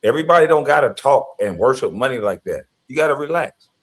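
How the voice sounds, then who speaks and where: A man's voice: mid-range voice, lively intonation, quick pace. A man giving heated, blunt commentary in a ranting, mocking way.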